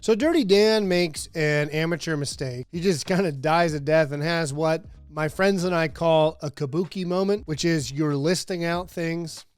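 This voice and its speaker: A man's voice: fairly high pitch, moderate pace, few pauses, clear, resonant tone, no echo. A man hosting a comedic wrestling review, talking casually and sarcastically with lots of fillers. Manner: rambling, sarcastic, many fillers, laughs often. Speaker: host.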